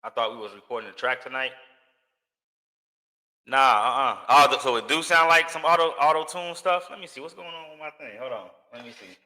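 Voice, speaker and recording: Bright-voiced slangy livestream host, man. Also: mid-range voice, brisk. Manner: loose, slangy, repeats himself, thinks aloud. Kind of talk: casual live-stream chat with viewers.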